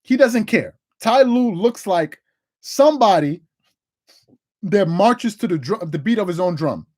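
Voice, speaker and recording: An animated man hosting a casual sports livestream. He rambles, repeats himself and reads out viewer comments, and his voice leaps up when he gets excited. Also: sits high, measured pace. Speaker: sports talk livestream host.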